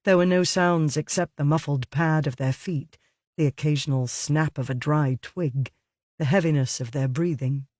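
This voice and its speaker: A man narrates an audiobook from a script in a measured, even way. His voice is on the high side, and the recording is dry and clean, studio quality.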